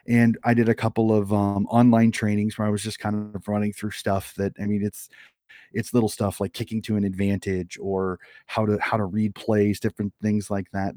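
A man in his thirties speaks in a fairly low voice. He answers earnestly and often restarts his sentences. The sound is close and dry, with no room around it. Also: dark tone, no room sound. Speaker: head coach of an amateur Australian rules football club. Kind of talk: casual interview answers.

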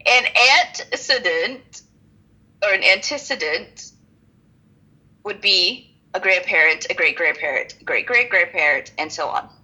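A woman's voice: on the low side, animated, moderate pace, sharp tone, slightly rough, low-quality recording. A woman co-hosting a casual podcast, reading notes aloud with frequent laughs and self-deprecating asides. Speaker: podcast co-host.

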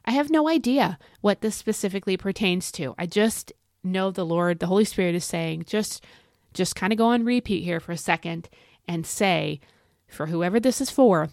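A woman teaches Scripture in a chatty, folksy way, circling back to repeat key phrases. Her voice sits a bit low and has a gravelly fry. It is a dry home recording with no room echo. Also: darkish tone. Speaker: podcast host and Bible teacher. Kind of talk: casual devotional teaching.

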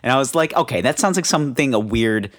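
A man's voice: mid-range voice, animated, quick pace, fairly bright tone. A man co-hosting a podcast in casual chat, joking and swearing, laughing often as he talks. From family from South Jersey and Philadelphia. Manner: joking, laughs often, profane, does mock voices of relatives. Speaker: podcast co-host.

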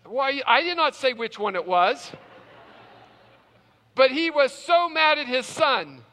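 A middle-aged pastor preaching with a high, bright, ringing voice that carries through a large hall with long reverb. He tells stories with emphatic repetition, building each point. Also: animated, slow pace. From South Carolina. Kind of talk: sermon.

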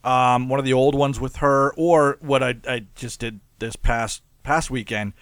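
A man's voice: medium pitch, steady tone, unhurried, a bit bright, clear, resonant tone, dry recording. A man co-hosting a podcast in casual chat, jokey and laughing often. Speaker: podcast co-host.

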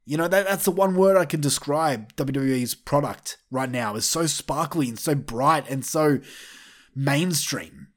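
A wrestling commentator vlogger rants bluntly and fired up, airing his opinions with heavy profanity. His voice is fairly high in pitch and his pace a little slow.

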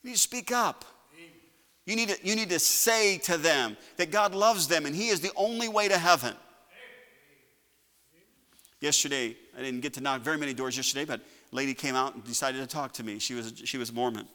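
Man preaching with a bright, ringing tone. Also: fairly quick, big-room sound. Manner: impassioned preaching, rising to shouts then dropping low. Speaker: pastor. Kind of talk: sermon.

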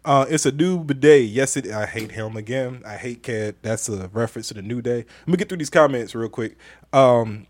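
A man's voice: medium pitch, moderate pace, no room sound. A man hosting a casual podcast live stream, reading out viewer comments with a playful, laughing manner. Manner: laughing, playful, repeats phrases. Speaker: podcast host.

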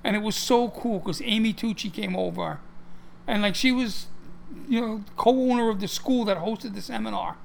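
A man with a high, gravelly voice talks loosely on a podcast, circling back and restarting his sentences. There is faint noise under the recording. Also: normal speed. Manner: rambling, frequent restarts and fillers. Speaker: podcast co-host. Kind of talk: casual podcast chat.

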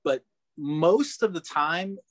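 A man being interviewed as an actor on a casual podcast, talking loosely with lots of fillers and quick laughs. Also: on the high side, a bit bright, no echo. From Boston area. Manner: chatty, laughs easily, trails off with fillers. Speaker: guest actor.

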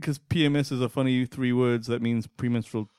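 A man co-hosting a casual podcast chat, animated and sweary, laughing often. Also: medium pitch, brisk, clear, resonant tone, no room sound, studio quality. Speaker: podcast co-host.

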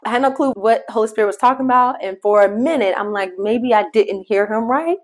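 A middle-aged woman hosting a devotional podcast, telling a personal story in a conversational way and talking straight to her listeners. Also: fairly high pitch. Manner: shifts pace between slow emphasis and quick asides. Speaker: podcast host.

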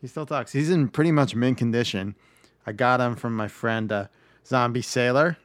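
A man co-hosting a casual podcast, listing collectibles with enthusiasm and teasing his co-host with quick asides. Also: medium pitch, no room sound. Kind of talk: casual chat.

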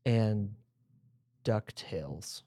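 A man's voice: fairly low pitch, lively intonation, very slow, mellow, dry recording, clean studio sound. A man co-hosting a casual podcast chat, telling stories with eager energy. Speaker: podcast co-host.

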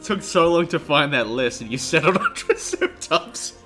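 A man co-hosting a podcast in casual chat, animated and quick to laugh. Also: on the high side, over music. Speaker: podcast co-host.

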